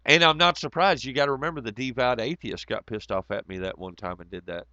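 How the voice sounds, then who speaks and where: A man rambles and swears through a casual livestream rant, laughing often. His voice is bright and forceful. The audio is dry and a bit muffled, like lo-fi stream sound. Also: medium pitch, quick pace, no echo.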